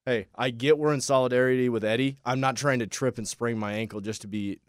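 Man, co-host, casual profane banter, middle pitch, dry close studio mic. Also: fairly even intonation, brisk, no room sound. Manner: loose and profane, jokey storytelling. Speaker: podcast co-host. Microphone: studio mic with headphones.

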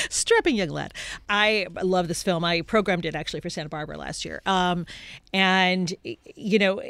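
A woman's voice: on the low side, moderate pace, gravelly, fairly bright tone, clean tone, dry recording. Enthusiastic female film critic on radio. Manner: enthusiastic, chatty, laughs easily. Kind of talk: radio film review discussion. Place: radio studio. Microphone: studio microphone.

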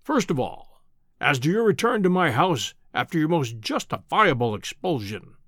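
A man voicing a pompous, booming older male professor who talks down to his listener in an audiobook reading. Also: sing-song, moderate pace, fairly bright tone, no echo, clean studio sound. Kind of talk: audiobook character voice.

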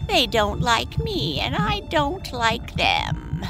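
A woman's voice: a little high, wildly swooping pitch, slow, music in the background, pitched above the performer's own voice, full character voice. A woman voicing a lonely, grumpy old witch woman with a cranky, sulky way of talking. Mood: spiteful.

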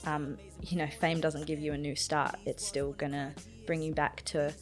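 Low-voiced hesitant woman, faint music behind. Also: flat delivery, moderate pace. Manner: thoughtful, hesitant, many ums. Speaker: podcast co-host. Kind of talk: casual music discussion.

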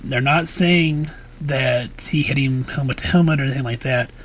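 A man co-hosting a podcast, explaining things in a measured way and raising pointed questions. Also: mid-range voice, breathy edge, poor audio. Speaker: podcast co-host. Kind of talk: casual podcast chat.

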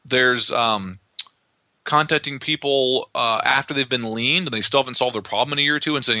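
A man being interviewed as a real estate investor, explaining in an animated way with lots of restarts. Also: medium pitch, a little fast, no room sound. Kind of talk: conversational podcast interview.

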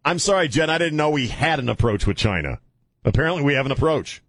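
A man's voice: fairly high pitch, animated, fast, a bit bright, no room sound. A man hosting a casual talk radio show in a studio, rambling, joking and laughing with crude asides. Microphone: studio mic.

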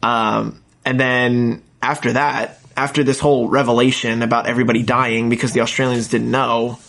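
A man's voice: medium pitch, little pitch movement, normal speed, creaky, fairly bright tone. A man casually recapping a TV episode with a co-host, rambling and acting out the characters' lines. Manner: rambling retelling with acted quotes, many fillers. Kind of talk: casual chat.

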